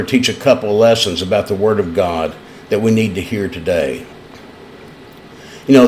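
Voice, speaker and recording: Low-voiced East Tennessee preacher. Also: male voice, slight background noise. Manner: folksy storytelling preacher, earnest. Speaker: pastor. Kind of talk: sermon.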